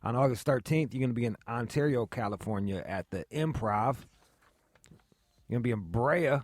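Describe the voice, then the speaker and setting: A man's voice: medium pitch, animated, moderate pace, no room sound. Profane laid-back male radio host. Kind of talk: casual radio talk. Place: radio studio in Los Angeles.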